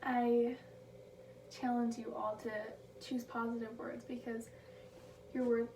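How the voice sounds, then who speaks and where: A woman delivering a prepared motivational speech, slowing down to stress her key phrases. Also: fairly high pitch, little pitch movement, dark tone, recorded from a distance. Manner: emphatic, slows down on key phrases. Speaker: speaker giving a motivational speech. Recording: echoey room taken from afar, background noise.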